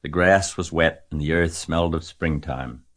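A man narrating a children's novel aloud in a measured, gentle storytelling manner. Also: extremely low pitch. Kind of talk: audiobook reading of a children's novel.

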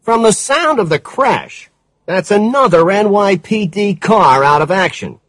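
A male reader voicing a brisk, matter-of-fact male police captain in an audiobook, in a noticeably higher voice than his own. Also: expressive, a bit bright, dry recording, exaggerated voice. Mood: dry, approving. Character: gruff middle-aged male police captain.

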